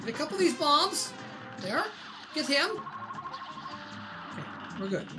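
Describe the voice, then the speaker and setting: A woman hosting a gaming channel, giving excitable, exclaiming let's-play commentary as she plays. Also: high voice, measured pace. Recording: game music under voice.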